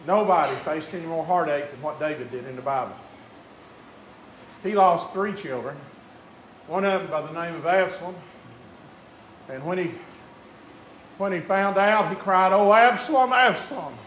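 A man preaching a sermon, moving between quiet conversational asides and drawn-out shouted climaxes. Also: a little high. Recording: echoey room with faint crowd and noise.

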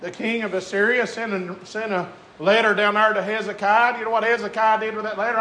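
A man preaching a sermon, moving between quiet conversational asides and drawn-out shouted climaxes. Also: high-pitched, fairly even intonation. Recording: echoey room with faint crowd and noise.

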